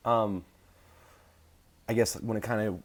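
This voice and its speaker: A man hosting a podcast, laid-back and slangy, quick to agree with his guest. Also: on the low side, steady tone. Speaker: podcast host. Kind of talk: casual interview.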